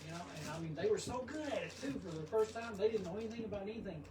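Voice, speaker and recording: A man tells a story in an old hotel, speaking in a drawl and often trailing off before he starts again. He is recorded from across the room, so his voice sounds distant and echoing, with clear background noise. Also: high voice, very fast. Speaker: guest on a ghost hunt. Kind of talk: casual storytelling. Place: old hotel interior at night. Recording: roomy, distant, noisy.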